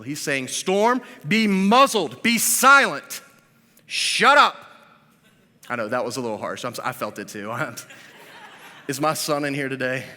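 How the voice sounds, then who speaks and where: A man in his thirties preaching a sermon as pastor. He swings between hushed, drawn-out lines and loud, emphatic ones, with self-deprecating asides. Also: on the high side. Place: church. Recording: reverberant church sanctuary.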